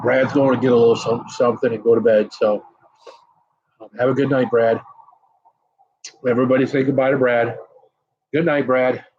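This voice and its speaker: A middle-aged man from the United States chats with viewers on a casual live stream while hot peppers burn his mouth, making him sigh and blow out breaths. He has a mid-range, level, darkish voice at normal speed with long pauses. The recording is muffled with slight background noise.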